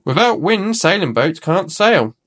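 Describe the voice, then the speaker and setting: Storybook read-aloud: a kindly old grandfather pig voiced by a man, patient, animated. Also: high-pitched, a little slow, voice pushed up, full character voice.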